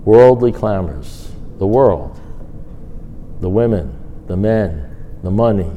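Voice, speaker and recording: A middle-aged man speaking at a recovery meeting, telling a rambling, animated personal story and acting out the dialogue. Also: fairly low pitch, slow, muffled recording, a little hiss or hum.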